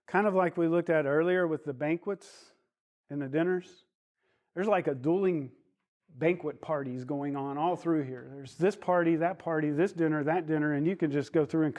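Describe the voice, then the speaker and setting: A man's voice: fairly high pitch, darkish tone. A man teaching a Bible study lesson, retelling a parable in storytelling fashion with side digressions.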